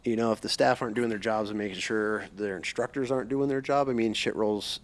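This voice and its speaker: A middle-aged man hosts a podcast in a loose, casual way. His voice sits fairly low, and his talk rambles, swears freely, and starts over often. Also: fairly even intonation, a little fast. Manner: rambling, profane storytelling with restarts. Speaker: podcast host. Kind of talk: casual interview chat.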